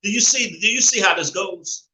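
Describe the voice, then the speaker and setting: Brief: male live-show host, preachy and emphatic, higher voice, roomy sound. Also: normal speed, pushed and bright. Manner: preachy, repetitive, emphatic, swears freely. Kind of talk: ranting live-stream monologue. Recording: roomy echo.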